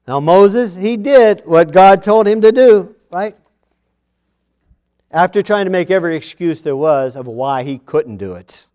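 A male pastor preaching a morning sermon, reading scripture aloud with emphasis and swinging between loud declarations and hushed asides. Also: a little high, expressive, slow.

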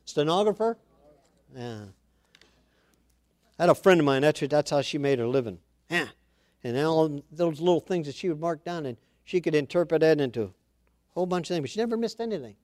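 A man's voice: a little high, animated, brisk, long pauses, darkish tone, no echo, studio quality. A man preaching an informal Bible-study sermon, reading scripture aloud and then commenting in a chatty way with asides.

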